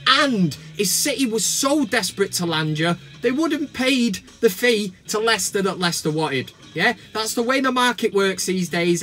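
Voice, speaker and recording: A man's voice: sits high, pushed and bright. A man hosting a football fan video, ranting and mocking players and pundits. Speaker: football vlogger.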